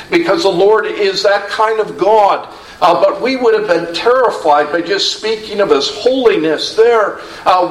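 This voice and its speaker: A man preaching a sermon in a measured, earnest way, asking the congregation questions. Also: sits high, fairly bright tone. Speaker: pastor. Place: church sanctuary. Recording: roomy echo, distant mic, faint hum.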